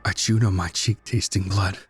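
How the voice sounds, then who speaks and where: A man narrating a first-person horror story in a measured, tense, brooding way. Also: low-pitched, fairly even intonation, faint music behind. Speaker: guest narrator.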